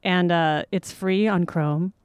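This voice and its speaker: A woman's voice: on the low side, steady tone, takes it slowly, clean tone, no room sound, studio quality. A woman guest in a casual podcast interview, upbeat and promotional as she talks about her business. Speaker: guest, entrepreneur.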